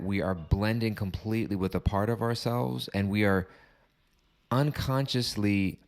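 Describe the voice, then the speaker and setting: Man, very low voice, podcast host, calm, deliberate, repeated phrasing, reflective solo talk.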